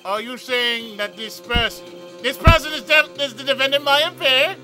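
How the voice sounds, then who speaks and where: A man's voice: very high-pitched, normal speed, bright, forceful tone, pitched above the performer's own voice, heavily acted. A man voicing a flustered older judge who stammers in disbelief. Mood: shocked. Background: game music.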